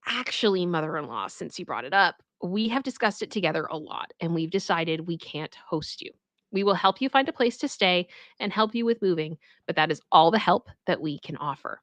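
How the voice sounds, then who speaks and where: Woman, streamer, reads a story aloud and reacts as she goes, animated, bright forceful voice, dry close sound. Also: on the low side, brisk, no echo. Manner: animated, exclaiming reactions between read passages.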